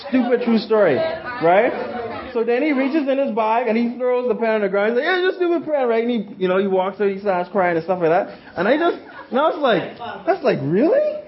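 A man's voice: very high-pitched, sing-song, moderate pace, a faint crowd. A young man teaching a class, rambling, repeating words and asking the room questions, in a slightly muffled recording. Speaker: youth teacher. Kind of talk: interactive class talk.

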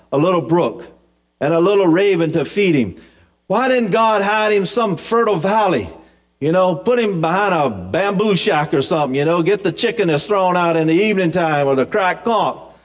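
Male preacher, high voice, folksy sermon with humorous asides, repeats himself. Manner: repetitive, restarting phrases.

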